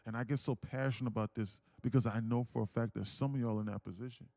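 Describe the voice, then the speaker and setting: A man's voice: mid-range voice, fairly even intonation, fast talker, vocal fry, mellow, no echo, faint music behind. A young man hosting a live day trading stream, talking passionately and emphatically, swearing freely. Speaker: day trading livestream host.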